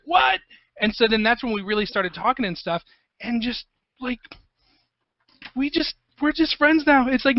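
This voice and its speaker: A man, a composer guest, telling stories in a rambling, profane, excitable way in a casual interview. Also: high-pitched, no echo, dull audio. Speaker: guest, video game composer.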